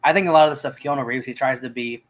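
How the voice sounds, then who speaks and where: A man's voice: mid-range voice, rapid-fire, poor audio. Rambling man chatting about movies. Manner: rambling, many restarts and fillers. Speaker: movie reviewer. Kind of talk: casual chat.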